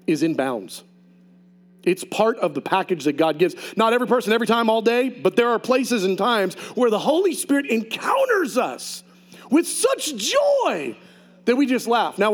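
Male preacher, higher register, swooping expressive delivery, sermon to a live congregation. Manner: animated storytelling with shouted quoted outbursts. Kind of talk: sermon testimony.

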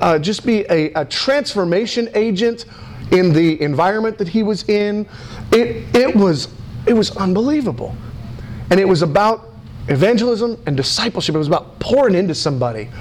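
A middle-aged American man preaching, telling a story with lots of fillers and restarts in an animated, excitable way. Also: high-pitched, normal speed, slight background noise. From United States. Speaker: pastor. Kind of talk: sermon storytelling.

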